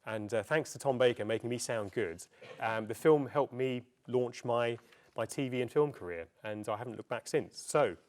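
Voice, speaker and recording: A man's voice: medium pitch, normal speed, a little mellow. A middle-aged man giving a public talk at a festival, chatty and anecdotal, with frequent ums as he tells stories. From England. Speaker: presenter. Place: festival venue before an audience.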